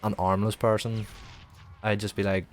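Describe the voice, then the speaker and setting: Over slight background noise, a young streamer with a lowish voice and little pitch movement chats at a moderate pace. His talk is loose and meandering, sweary, and packed with the filler "like."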